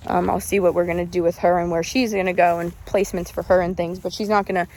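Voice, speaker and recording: A woman's voice: fairly low pitch, flat delivery, quick pace, darkish tone. An eighteen-year-old woman chatting casually and rambling for her vlog, recorded outdoors in a cattle pen on a handheld phone. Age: young adult, eighteen. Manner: chatty, rambling, self-correcting. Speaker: hobby cattle keeper vlogger.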